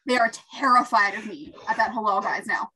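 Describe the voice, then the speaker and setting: Bright-voiced woman in casual chat. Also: mid-range voice, brisk, slightly rough, low-quality recording. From Long Island, New York area. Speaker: podcast guest, craftmaker.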